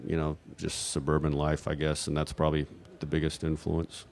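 A man's voice: extremely low pitch, monotone, a little fast, gravelly, darkish tone. A man from New Mexico answering audience questions in a rambling, unscripted way, hesitating and restarting often. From New Mexico, USA. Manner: hesitant, full of fillers and restarts. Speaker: guest at audience Q&A.

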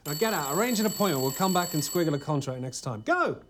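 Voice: mid-range voice, very animated, fast, background noise, natural voice. An actor playing a brusque music executive. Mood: dismissive. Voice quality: blunt and dismissive. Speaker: music executive in a film scene.

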